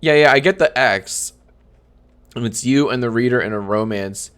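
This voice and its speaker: A man's voice: normal speed, fairly bright tone, smooth. Sarcastic man cracking jokes on stream. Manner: sarcastic, joking, swears freely; breaks into high laughter. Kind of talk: casual live-stream chat.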